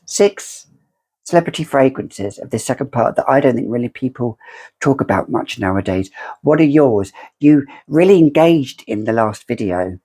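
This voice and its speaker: In her casual fragrance-review vlog, a woman from Britain gushes theatrically and effusively about scents. Her voice is extremely low in pitch, darkish, with a breathy edge.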